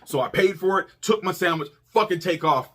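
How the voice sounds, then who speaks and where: A man co-hosting a casual chat, telling a story in an animated, profane way and acting out quotes. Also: high voice, brisk. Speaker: podcast co-host.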